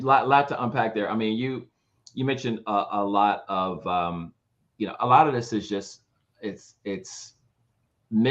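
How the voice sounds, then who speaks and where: A man with a low voice co-hosts a relaxed podcast chat. He talks loosely, with plenty of fillers and quick agreements. The recording sounds dull and lo-fi. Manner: conversational, lots of fillers and agreeing interjections. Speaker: podcast co-host.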